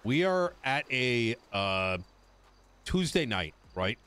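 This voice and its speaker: A man's voice: medium pitch, very animated, slow, a bit bright, smooth. A man talking in character over voice chat, blunt and fired-up, swearing freely.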